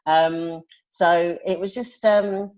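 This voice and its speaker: A woman's voice: on the low side, fairly even intonation, takes it slowly, a little mellow. A woman co-hosting a podcast in casual chat, talking candidly and reflectively and laughing often. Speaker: podcast co-host.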